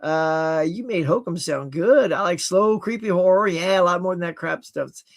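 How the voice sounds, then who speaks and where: A man hosting a casual livestream from his home setup, chatting about new movie releases in an animated way and laughing at himself. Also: high voice, normal speed, gravelly. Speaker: livestream host. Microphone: computer with HD webcam.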